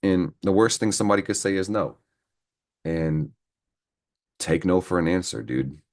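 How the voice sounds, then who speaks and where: A low-pitched, slightly mellow male voice, animated and at a moderate pace, belongs to an astrology reader. He gives a casual, profane horoscope reading to camera, rambling and venting heatedly to viewers.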